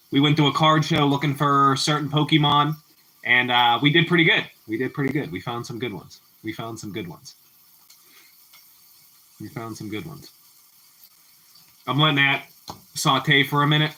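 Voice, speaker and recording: A man with a medium-pitched, sharp-toned voice hosts a livestream from his home kitchen. He chats casually with viewers while cooking and often repeats his phrases.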